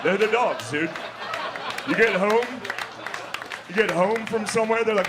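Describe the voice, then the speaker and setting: A male stand-up comedian telling crude jokes in a deadpan way, often slipping into quick impressions. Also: sits high, crowd noise, noisy background.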